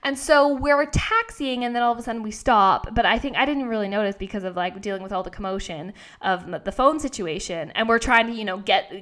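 A woman's voice: mid-range voice, a little fast, hardly any pauses. Young woman host, casual storytelling, swears a lot, voice jumps way up when she quotes herself. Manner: animated, swearing, acts out her own lines. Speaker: podcast host.

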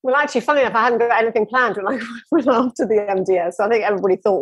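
A woman's voice: fairly high pitch, rapid-fire, breathy edge, no room sound, highs cut off. A woman telling her running story with enthusiasm, rambling a little as a guest in a conversation. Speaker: interview guest.

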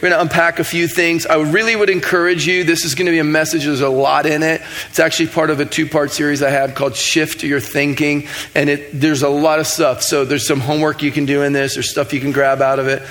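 A man's voice: on the high side, little pitch movement, fast talker, few pauses, a bit bright. A man preaching a sermon in a casual, self-mocking, conversational way, acting out bits of dialogue as he tells stories. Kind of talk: sermon with storytelling.

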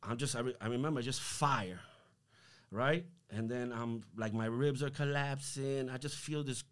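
A man giving a casual faith testimony as a podcast guest, slangy and animated, acting out what people said to him. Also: mid-range voice, normal speed. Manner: animated, slangy, acts out quoted dialogue.

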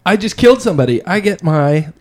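A man player in a tabletop game, excitable and laughing. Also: high-pitched, fast talker. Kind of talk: casual tabletop game chat.

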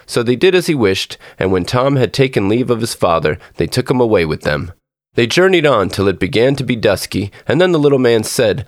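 A man narrating a storybook as a podcast storyteller, in a measured, expressive reading. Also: mid-range voice, no echo, studio quality.

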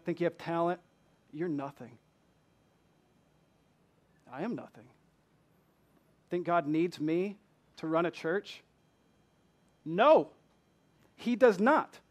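A man from Michigan with a Southern accent, preaching a passionate sermon in a church and asking the congregation many rhetorical questions. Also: fairly high pitch. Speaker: pastor.

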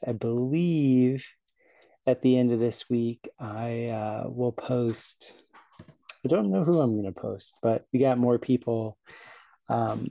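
A man's voice: mid-range voice, dark tone, no echo. A man from South Florida, a podcast host, rambling cheerfully through a casual outro and laughing at his own slips.

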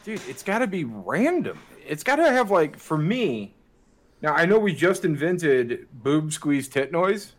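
A man with a slightly high voice riffs on ideas in casual podcast chat, full of enthusiasm and filler words like "dude." His delivery is loose and conversational. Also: big pitch swings, measured pace. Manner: riffing enthusiastically, fillers like 'dude' and 'like'. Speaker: podcast co-host.

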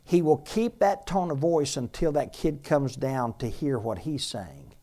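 A man's voice: medium pitch, lively intonation, a little slow, dark tone. A man, a pastor, preaching a sermon in a conversational way and repeating key phrases for emphasis.

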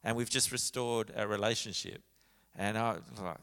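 Pastor in an echoing church. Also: male voice, on the low side, fairly even intonation, moderate pace, sharp tone. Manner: storytelling with quoted dialogue, many restarts. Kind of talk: sermon storytelling. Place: church sanctuary. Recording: church hall with long reverb.

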